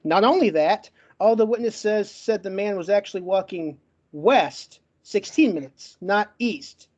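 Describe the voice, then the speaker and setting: A man giving a debate closing argument in a rapid, list-like way, with a stutter that makes him get stuck on words. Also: sits high, a little mellow, lo-fi sound. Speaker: debate participant.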